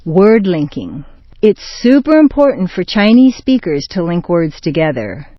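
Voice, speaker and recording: An American woman teaching pronunciation, reading short example words and phrases with slow, exaggerated clarity. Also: on the low side, sing-song, no echo, muffled recording. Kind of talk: scripted pronunciation lesson.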